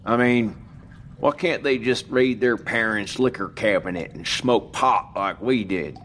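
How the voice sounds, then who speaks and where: A man voicing a heavyset, crude middle-aged man who jokes roughly and swears freely. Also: lowish voice, unhurried, a bit bright, a little hiss or hum, voice pushed up. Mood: grumbling. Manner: joking, rough, profane.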